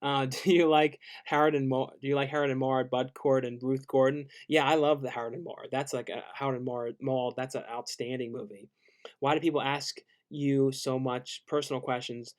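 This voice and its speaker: A laid-back man chatting on a late-night live stream, reading viewer questions aloud. His voice sits at an ordinary middle pitch, and he speaks in a halting way with easygoing pauses. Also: flat delivery. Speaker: streamer hosting a Q&A. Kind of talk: casual live-stream chat.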